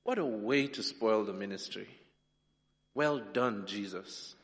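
A man from Nigeria, preaching a sermon with humour, swinging between loud and soft. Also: on the low side, takes it slowly. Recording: long hall reverb.

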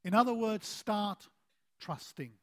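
A man preaching a sermon in a deliberate way, with emphatic phrases that fall soft at the end and a lively, climbing voice for stories. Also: sits high. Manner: animated storytelling with a rising voice.

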